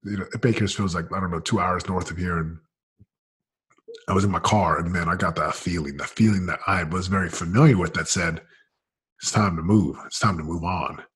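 Very husky-voiced man telling his story. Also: brisk. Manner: energetic, fillers like "man" and "like"; swings from loud excitement to low murmur. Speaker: business coach, interview guest. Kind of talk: casual storytelling.

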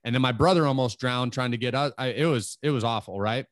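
A man's voice: mid-range voice, fast talker, no echo, studio quality. A man in his late thirties hosting an interview, talking earnestly in a rambling way full of "like" fillers. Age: 30s. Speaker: podcast host. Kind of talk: casual interview chat.

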